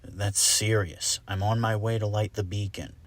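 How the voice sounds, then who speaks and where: A man voicing a jumpy young male pony lighthouse keeper who shrieks high when scared. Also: fairly even intonation, normal speed, close to an everyday voice. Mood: puzzled. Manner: panicky high-pitched screaming when scared.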